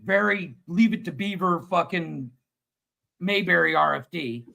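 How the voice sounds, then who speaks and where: A man in his thirties co-hosting a casual livestream chat, telling a long story with lively acted-out quotes and plenty of swearing. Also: a little high, a little slow, gravelly, rough recording. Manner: animated storyteller, acts out quotes, swears freely. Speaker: podcast co-host.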